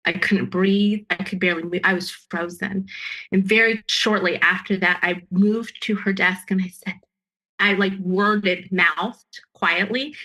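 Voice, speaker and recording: A woman with a bright, forceful voice recounts her own experience. She speaks earnestly and emphatically and often breaks off and restarts her sentences. Her pitch sits in a middle range for a woman. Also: steady tone, unhurried, rough recording. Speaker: guest sharing her story. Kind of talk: personal storytelling.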